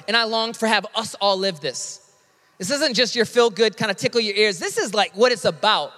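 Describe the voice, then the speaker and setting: Man, high voice, pastor, energetic emphatic sermon, long hall reverb. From United States. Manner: emphatic, energetic, casual preaching.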